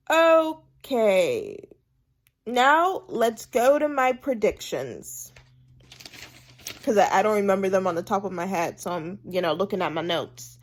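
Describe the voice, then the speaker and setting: A woman chatting casually through a TV episode recap, animated and emphatic, repeating her points for effect. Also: mid-range voice. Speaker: TV show recap vlogger.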